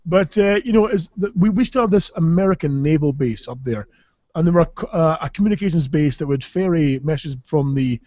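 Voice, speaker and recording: In a lo-fi recording with no echo, a Scottish-accented podcast host from Caithness talks in a slightly high, mellow, expressive voice at a somewhat quick pace. His stories are rambling, sweary, and comic, and he laughs as he tells them.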